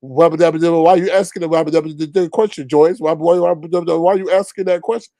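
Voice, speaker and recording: A man voicing a shrill scolding woman who sputters and babbles like a cartoon duck. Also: fairly even intonation, fast, gravelly, dark tone, dry recording. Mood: indignant. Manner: sputtering, babbling nonsense syllables.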